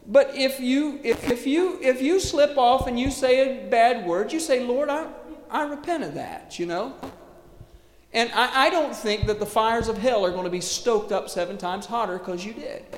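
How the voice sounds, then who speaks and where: Male preacher, animated, acts out quotes; recorded in a roomy hall, faint noise behind. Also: very high voice, normal speed. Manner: animated, acts out quoted voices, repeats words. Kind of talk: sermon.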